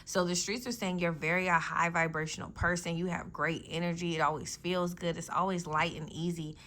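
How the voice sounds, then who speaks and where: A woman's voice: on the low side, level tone, fairly quick, fairly bright tone, slight background noise. A woman giving a casual tarot reading, talking bluntly in slang with plenty of profanity and frequent check-ins with her listeners. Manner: blunt, slangy and profane, with frequent "you know what I'm saying". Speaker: tarot reader.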